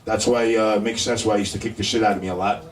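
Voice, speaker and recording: A man's voice: fairly low pitch, fairly even intonation, very fast, recorded from a distance. A middle-aged man with a New York accent doing a rambling stand-up comedy set to a live club audience, peppering everything with "you know". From Brooklyn, New York. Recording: echoey club room with noisy ambience.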